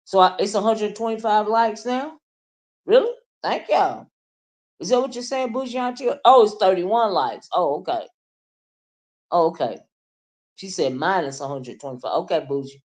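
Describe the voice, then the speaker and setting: A woman's voice: medium pitch, lively intonation, normal speed, long pauses, darkish tone. A woman, chatting casually on a livestream, greeting viewers by name and calling them honey. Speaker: livestream commentator. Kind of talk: casual live-chat commentary.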